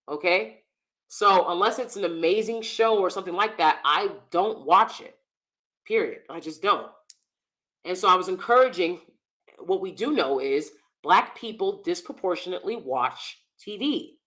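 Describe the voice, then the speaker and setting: A woman's voice: medium pitch, a bit bright, poor audio. A woman hosting her own channel, giving blunt, emphatic commentary and reading out chat names, often repeating herself for stress. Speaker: channel host. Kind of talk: casual commentary to live chat.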